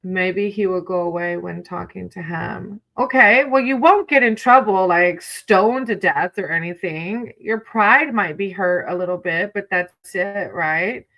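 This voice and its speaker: A woman's voice: lowish voice, measured pace, hardly any pauses, fairly bright tone, rough recording. A woman hosting a casual livestream, chatting with viewers between tarot readings, giggling often and calling people sweetie.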